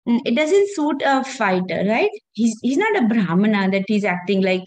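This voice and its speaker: A woman teaching a children's lesson, retelling an old scripture story in plain words. Her voice sits high. She talks in a halting way, uses many fillers and keeps turning to the children with questions. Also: very animated.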